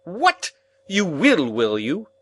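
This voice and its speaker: A man's voice: mid-range voice, very animated, measured pace, pitched above the performer's own voice, exaggerated voice. A man voicing a bullying, irate older lawyer. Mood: furious. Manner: harsh, forceful commands. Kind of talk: audiobook character reading.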